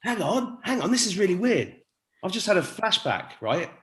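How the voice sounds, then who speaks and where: A man's voice: high-pitched, sing-song, normal speed. A man hosting a casual chat, playful and joking. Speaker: host. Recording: echoey room.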